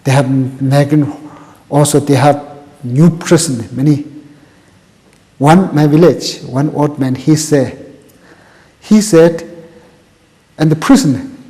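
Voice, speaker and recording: An older man from Tibet with a Tibetan accent, whose first language is Tibetan, recounting his life in an oral history interview in halting, repetitive, broken English. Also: a little high, mellow, big-room sound. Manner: halting, repeats words, plain broken English.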